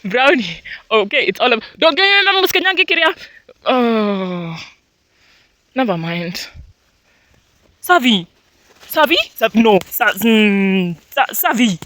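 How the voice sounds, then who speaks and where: Lively young woman touring her farm. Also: fairly high pitch, slow pace, long pauses, no room sound. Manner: animated, exclamatory, scolds and coos at her dogs. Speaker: homestead farmer giving a farm tour. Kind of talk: casual vlog walkthrough. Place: outdoor vegetable garden.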